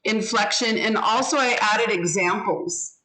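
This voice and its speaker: A woman teaching a class over a video call, slow and deliberate as she explains and models pronunciation. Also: medium pitch, sharp tone, rough recording. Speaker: English teacher.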